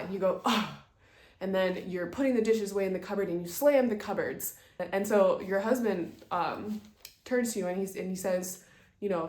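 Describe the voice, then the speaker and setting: A woman's voice: mid-range voice, darkish tone. A woman presenting an instructional talk, earnestly explaining ideas through example stories. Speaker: presenter teaching communication skills. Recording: echoey room.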